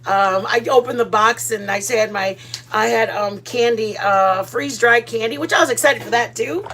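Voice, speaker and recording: A woman's voice: on the high side, moderate pace, fairly bright tone. A woman hosting a casual live cooking stream, gushing and chatty as she talks to viewers. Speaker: channel host.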